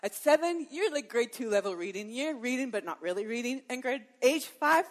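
A middle-aged woman with a somewhat high voice shares a faith testimony in a sermon-like talk. She tells it as a lively story, acts out what she thought and said, and laughs often. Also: a little fast. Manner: lively storyteller who acts out her own inner dialogue and laughs often. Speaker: Christian women's speaker.

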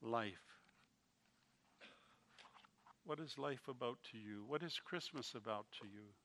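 A man preaching a sermon, telling a story slowly and with feeling, his volume rising and falling. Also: medium pitch, a little hiss or hum. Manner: slow, emotional storytelling with swings in loudness.

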